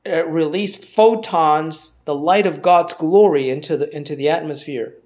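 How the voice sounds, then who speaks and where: A man with a somewhat higher voice preaches through a Bible passage. He stumbles and repeats words as he thinks aloud, then slows right down to press his main points. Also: a little mellow. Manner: halting, with many repeated words and restarts. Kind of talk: sermon-style Bible teaching.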